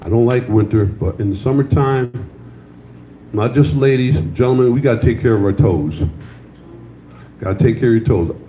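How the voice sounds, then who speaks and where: A man's voice: medium pitch, moderate pace, pauses often, slight background noise. Older man doing crude stand-up. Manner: loose, crude storytelling with crowd banter. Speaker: stand-up comedian. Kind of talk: stand-up comedy set. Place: comedy club stage with audience. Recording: slightly dull, roomy live club sound.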